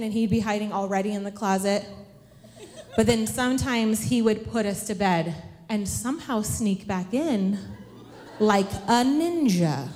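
A chatty woman in her thirties, speaking to a church class at an even middle pitch. She jokes about herself and keeps asking the room questions. Her voice carries a long reverb from a large hall. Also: slight background noise. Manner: chatty, humorous, self-deprecating, asks the audience questions. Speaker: women's class teacher. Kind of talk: casual storytelling talk to a church class. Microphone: handheld microphone.

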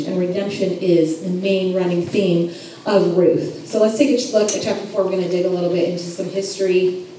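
A woman's voice: medium pitch, dark tone. A woman giving a chatty, joking Bible lesson and laughing at herself. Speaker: Bible study teacher. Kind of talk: casual Bible teaching. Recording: echoey room from far off, faint noise.

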